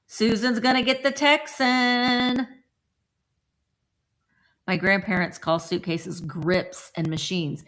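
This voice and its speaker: A woman's voice: fairly high pitch, steady tone, slow pace, pauses often, fairly bright tone. A woman hosting a live vintage sale, chatting casually with playful, rambling asides. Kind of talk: casual live-stream selling chat.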